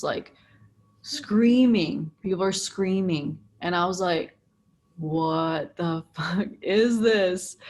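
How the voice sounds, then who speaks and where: A young woman, a breathwork facilitator, telling her story in casual chat, animated, swearing freely and saying "like" a lot. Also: medium pitch. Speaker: breathwork facilitator, podcast guest.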